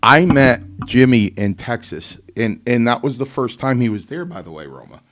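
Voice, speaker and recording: A middle-aged man, a former wrestler who co-hosts a podcast, speaks in a mid-range voice at a moderate pace. In a casual chat he tells animated anecdotes, mimicking other people by acting out their lines.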